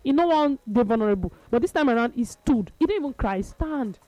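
Lively Nigerian woman hosting a chat show. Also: fairly high pitch, quick pace, dry recording. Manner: lively, laughing, playful storytelling. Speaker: radio show host. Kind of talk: casual chat in Nigerian Pidgin and English.

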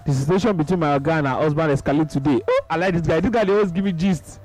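A jovial Nigerian man hosts a radio call-in show in a slightly high voice, laughing easily and slipping into Pidgin. Faint music plays under the broadcast. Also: rapid-fire, darkish tone, low-quality recording. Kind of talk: casual call-in radio chat.

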